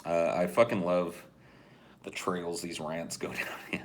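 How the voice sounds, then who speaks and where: A man co-hosting a podcast, rambling through a profane, deadpan rant in casual chat. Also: sits low, measured pace. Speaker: podcast co-host.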